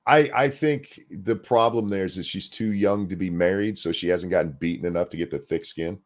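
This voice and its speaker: A man's voice: deep voice, a little fast. A man co-hosting a casual political commentary chat, blunt and sarcastic, swearing freely and reading viewer messages aloud. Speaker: podcast co-host.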